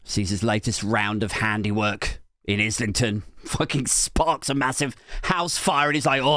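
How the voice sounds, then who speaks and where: A male podcast comedian riffing in a sardonic, rambling monologue and swearing freely. His pitch swings widely from low mutters to high squawks. The recording is dry and close, with no room echo. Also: a bit bright. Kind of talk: comic monologue.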